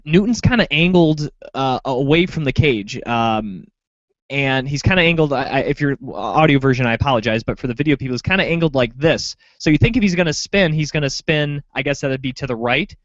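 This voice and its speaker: A man's voice: mid-range voice, animated, brisk, no room sound. A man co-hosting a casual sports podcast, rambling through a fight breakdown with lots of fillers. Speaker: podcast co-host. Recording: dull lo-fi dry sound.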